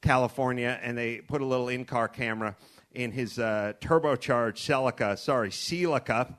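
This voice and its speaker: A middle-aged American man hosting a comedy show, telling rambling, profane stories with animated asides into a studio mic. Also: mid-range voice, normal speed. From United States. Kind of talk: comedic storytelling. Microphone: studio mic with cord.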